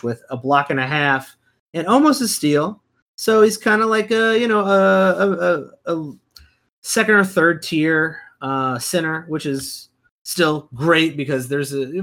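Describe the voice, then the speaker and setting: A man's voice: a little high, a bit bright. A man co-hosting a fantasy basketball podcast, talking casually and emphatically, repeating his points with plenty of fillers. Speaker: podcast co-host.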